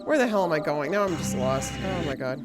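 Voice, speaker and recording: Chatty woman streamer, lively voice over game music. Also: deep voice, a little fast. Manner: chatty, swears freely, thanks viewers between puzzles. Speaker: streamer playing a puzzle game. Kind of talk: casual live-stream game commentary.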